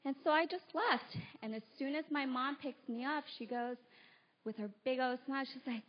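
A woman's voice: high-pitched, fairly quick. A woman telling the children a story about her own past at a church service, talking to them and acting out the voices of her family. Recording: dull lo-fi live stream audio.

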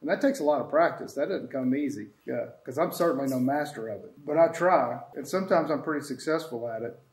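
A man's voice: medium pitch, quick pace. Easygoing man musing in an echoey room. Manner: rambling, reflective, easygoing. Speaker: host. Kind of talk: casual spiritual talk. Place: sanctuary room with friends.

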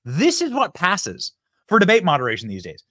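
A man hosting a political commentary show, reacting to news clips in a mocking, emphatic way that swings between loud and quiet. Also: sits high, huge pitch swings, normal speed, no echo, clean studio sound. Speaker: show host.

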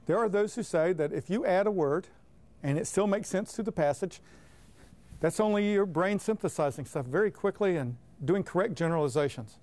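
Assured man explaining, slightly high voice. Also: lively intonation, a little fast, a little mellow. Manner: assured, plain-spoken. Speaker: reading intervention expert. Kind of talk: interview explanation.

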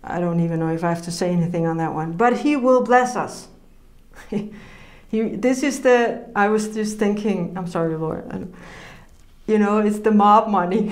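A woman's voice: mid-range voice, normal speed. A woman preaching an informal sermon, earnest and conversational, laughing often as she teaches. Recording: roomy echo.

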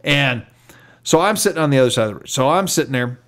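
A man's voice: medium pitch, fast. A man, a podcast co-host, telling a long story in a casual, rambling way and acting out the voices of the people in it. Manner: rambling, animated, acts out quoted voices.

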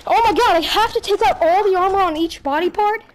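A woman giving casual gameplay commentary at home on a headset, talking to the game and shouting at the enemies in frustration. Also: very high-pitched, fast, a little hiss or hum. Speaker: gaming YouTuber.

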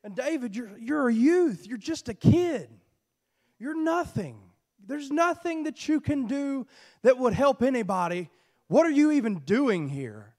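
A preacher voicing a scared, mocking older brother who belittles his young sibling with rapid incredulous questions. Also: very high voice, sing-song, warm tone, pitched above the performer's own voice, exaggerated voice. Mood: scornful.

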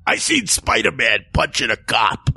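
A man playing a brash, boastful male New York cab driver with a loud, swaggering New York accent. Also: medium pitch, sing-song, unhurried, creaky, husky, no room sound, voice pushed down, heavily acted. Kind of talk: improvised comic character.

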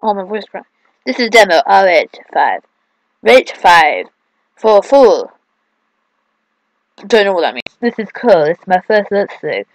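A young man giving excitable let's-play gameplay commentary at his home computer, yelping and shouting at the game. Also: high-pitched, measured pace, long pauses, dry recording, poor audio.

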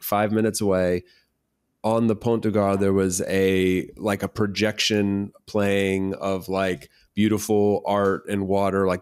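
A man hosting a podcast, telling a relaxed, rambling story and filling his pauses as he goes. His voice is low-pitched and smooth, with a clear, resonant tone. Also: no echo, clean studio sound. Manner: rambling, with many fillers. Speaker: podcast host. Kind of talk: casual anecdote telling.

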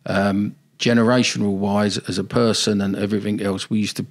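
A man's voice: lowish voice, flat delivery, a little fast. An older man, a former football manager, telling rambling anecdotes in a casual interview.

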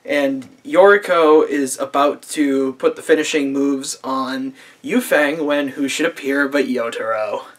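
A man's voice: mid-range voice, measured pace, hardly any pauses. A man recapping an anime episode in a casual video review, sarcastic and profane, laughing often, recorded on a camera mic.

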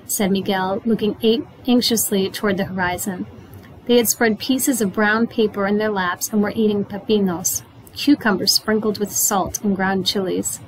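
A woman reading a chapter book aloud to young listeners, at a steady, clear pace. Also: medium pitch, normal speed, slight background noise, rough recording. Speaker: read-aloud narrator.

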